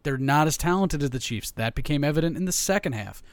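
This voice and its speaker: A man talking sports in a loose, profane, joking way, his voice sitting a little high for a man. The sound is dry and close, with no room around it. He gets animated as he goes. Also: fast talker, no room sound. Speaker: sports podcast co-host. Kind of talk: casual sports chat.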